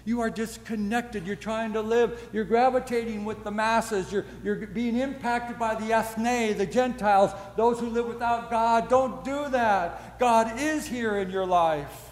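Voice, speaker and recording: An older man delivers a sermon in a high, light voice. He preaches in a folksy way and leans on rhetorical questions. His voice rings out with the long reverb of a church hall. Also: a little slow, few pauses. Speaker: pastor.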